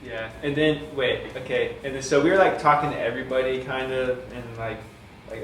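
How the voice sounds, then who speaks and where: Young american dude telling a story, lots of "like", mid voice, roomy sound. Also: male voice, mid-range voice, steady tone, fairly quick, far from the mic. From United States. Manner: rambling, fillers like "like", quotes himself. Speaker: vlogger telling how the couple met. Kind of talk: casual storytelling chat. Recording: roomy, from off mic, faint hum.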